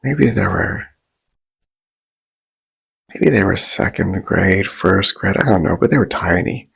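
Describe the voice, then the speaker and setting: A man telling a rambling story in a soft ASMR vlog, often stopping to restart his sentences and acting out what others said. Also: low voice, slow. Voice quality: raspy, breathy and gravelly. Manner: rambling, self-interrupting, animated quoting of others. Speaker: vlogger.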